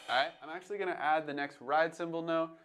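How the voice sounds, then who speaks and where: A man teaching jazz drumming, calmly coaching and counting beats aloud between demonstrations. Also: fairly high pitch, quick pace, over loud music. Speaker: drum teacher. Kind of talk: instructional demonstration. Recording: drums playing behind the voice. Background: drum playing between phrases.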